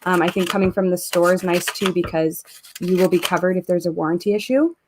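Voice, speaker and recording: A woman's voice: lowish voice, a little fast, background noise. A Canadian woman hosting a live stream, chatting casually and reading viewer comments aloud as she works. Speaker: host of a live giveaway stream.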